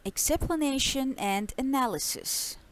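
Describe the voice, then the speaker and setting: A young woman teaching an online English lesson, speaking slowly and clearly and reading dialogues aloud with marked intonation. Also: high voice, expressive, fairly bright tone, dry recording.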